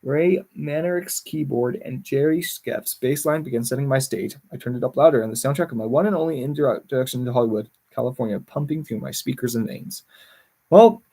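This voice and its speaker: Male reader, husky, mid-pitch; reads a memoir aloud and corrects his slips. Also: darkish tone. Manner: stumbles and corrects words as he reads. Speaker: livestreamer reading a book.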